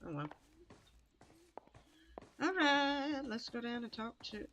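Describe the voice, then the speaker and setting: A woman's voice: a little high, expressive, slow pace, a bit bright, a little hiss or hum. Playful woman doing game commentary. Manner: playful, teasing. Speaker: streamer. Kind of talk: gameplay commentary.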